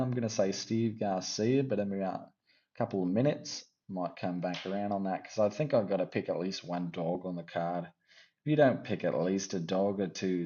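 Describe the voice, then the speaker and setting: A man talking through his fight picks in a put-on Australian accent, rambling and thinking out loud as he second-guesses himself. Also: sits low, highs cut off. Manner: rambling, thinking aloud, self-correcting. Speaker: MMA fight picks commentator. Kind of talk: casual fight-pick chat.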